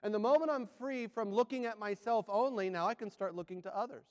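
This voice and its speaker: A man preaching a sermon, firing rhetorical questions and swinging between loud and hushed delivery. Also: high-pitched, fast talker, big-room sound.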